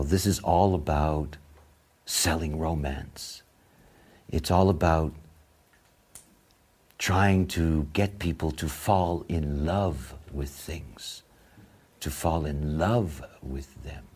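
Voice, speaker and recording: Husky, slow-talking sardonic man lecturing. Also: extremely low pitch. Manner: sardonic, mocking, animated. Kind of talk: spoken lecture.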